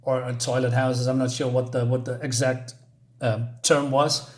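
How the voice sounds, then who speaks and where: A man's voice: medium pitch, flat delivery, normal speed. A man reviewing a comic book in a casual vlog, talking hesitantly with many fillers and restarts.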